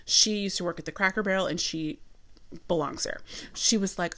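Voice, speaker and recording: A woman vlogger telling a personal story at home in a chatty, animated way, with emphatic asides. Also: lowish voice, normal speed. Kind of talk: casual storytelling. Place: her apartment.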